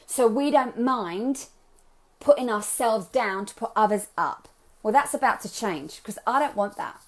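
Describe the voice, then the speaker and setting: A young adult woman coaches a live group on self-love, upbeat and chatty, encouraging her listeners and slipping into playful voices. Her voice is medium-pitched.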